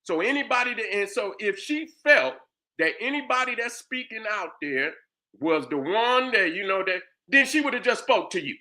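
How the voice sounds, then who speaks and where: A man's voice: high-pitched, animated, normal speed, sharp tone. A man hosting a heated commentary rant, angry and profane, firing off rhetorical questions. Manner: repeats "you understand what I'm saying". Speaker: host commentator.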